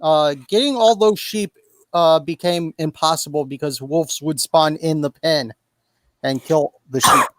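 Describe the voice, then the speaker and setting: A man's voice: fairly high pitch, a little slow, a bit bright, no echo. A man chatting casually in a self-deprecating way about his gaming mishaps. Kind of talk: casual chat.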